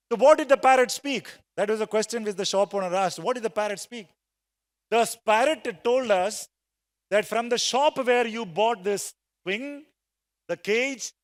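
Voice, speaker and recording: A man giving a motivational sales talk to a live audience in a large conference hall, telling a story and getting the crowd to answer aloud. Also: very high voice. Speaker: sales trainer speaking at a conference. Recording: long reverb of a big hall.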